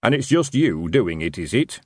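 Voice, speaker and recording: A man's voice: lowish voice, big pitch swings, normal speed, a little mellow, slightly rough, no echo, studio quality. A man playing a huge restaurant owner who speaks plainly and matter-of-factly.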